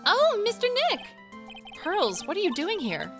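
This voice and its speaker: A woman voicing a sweet, excitable little girl, speaking high and earnestly over game music. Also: measured pace, exaggerated voice. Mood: eager. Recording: game music playing behind.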